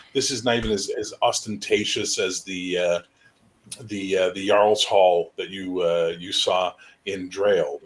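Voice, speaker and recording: A man narrating as game master in a tabletop game, rambling casually with many fillers. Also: sits low.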